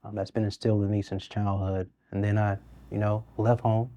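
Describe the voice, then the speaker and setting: A man, speaking in an earnest, reflective way as a guest in a studio interview. His voice sits low and mellow, and his pitch stays fairly flat and even as he talks. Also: moderate pace, muffled recording. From Birmingham, Alabama. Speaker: mayor. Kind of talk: interview conversation.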